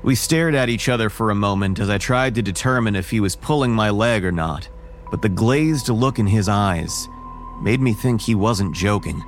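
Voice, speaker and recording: A man narrating a first-person horror story in a measured, wary tone. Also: lowish voice, soft background music.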